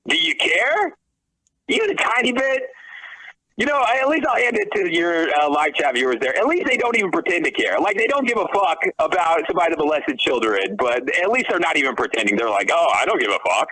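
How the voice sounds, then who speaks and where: Poor audio captures a man's high-pitched, sharp voice as he rants on a talk podcast. He's profane and sarcastic, restarting his sentences as the heated rant goes on.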